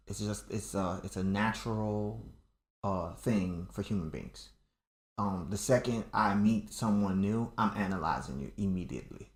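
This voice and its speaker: Man, co-host, rambling thinker with a low voice, echoey room. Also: fairly bright tone. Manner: musing, lays out his views with fillers. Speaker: podcast co-host. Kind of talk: casual chat.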